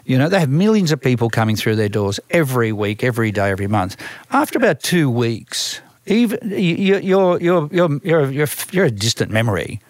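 A man's voice: mid-range voice, very animated, fairly quick, dry recording, studio quality. An older man with an Australian accent, a music manager telling long stories in an interview, with many restarts and repeated words. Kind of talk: storytelling interview.

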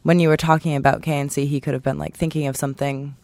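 A woman's voice: deep voice, flat delivery, fast talker, a little mellow, no room sound. Woman producer chatting, dry close sound. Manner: brief reactive replies. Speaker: podcast producer. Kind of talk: casual podcast chat.

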